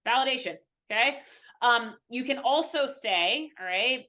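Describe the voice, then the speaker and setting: A woman's voice: on the high side, expressive, measured pace, pushed and bright. A young adult woman, a mindfulness coach on a podcast interview, explaining earnestly and checking in with "right?" after nearly every point. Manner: earnest, frequent "right?" tags, teacherly.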